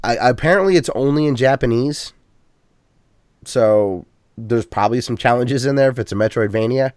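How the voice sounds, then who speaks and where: A man of ordinary pitch hosts a casual gaming podcast, chatting in an easygoing, halting way and often restarting his sentences. His voice comes through a close mic with a dry, dead sound and no room echo. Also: darkish tone. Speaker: podcast host.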